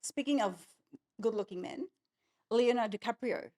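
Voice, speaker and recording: A woman's voice: a little high, normal speed, darkish tone. Woman host quizzing her guest. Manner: upbeat quizmaster, leading questions. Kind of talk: casual interview chat.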